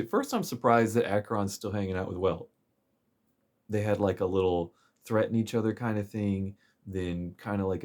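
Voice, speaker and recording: A man's voice: low voice, darkish tone, breathy edge. A man casually recapping a game's story chapter, rambling and chuckling with plenty of fillers. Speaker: game story commentator.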